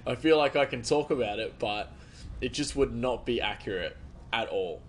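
A man's voice: mid-range voice, very animated, moderate pace, a little hiss or hum. A man who works as a chef hosts a podcast, telling rambling anecdotes in casual chat and laughing often.

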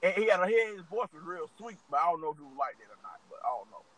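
Young male co-host, higher voice, lively casual chat. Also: very fast. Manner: chimes in with jokes, echoes punchlines, rambling storyteller. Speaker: podcast co-host.

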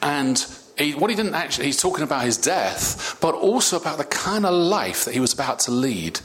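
A man preaching a sermon, animated, with many stammered restarts. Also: fairly high pitch, fairly quick.

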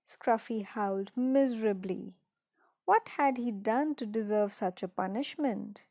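A woman reading a children's story aloud in a gentle, unhurried way, dropping into soft whispered asides. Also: a little high, dry recording.

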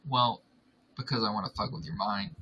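A man's voice: on the low side, steady tone, moderate pace, noisy background. A man joking crudely as a podcast guest, rambling with fillers and laughs. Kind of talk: casual podcast chat.

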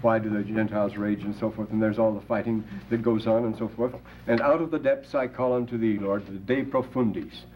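A man's voice: lowish voice, steady tone, brisk, few pauses. An older man giving a classroom lecture, digressing with asides and rhetorical questions and quoting scripture with rising emphasis. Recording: dull lo-fi classroom tape with faint hiss.

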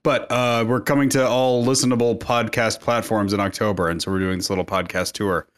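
A man's voice: fairly low pitch, steady tone, brisk, clear, resonant tone. A man guesting on a podcast, talking in loose, jokey casual chat with plenty of fillers.

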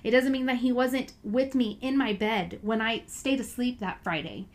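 A woman's voice: on the high side, moderate pace. A woman giving a casual, earnest Bible reflection, chatty and full of filler words. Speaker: Bible study speaker.

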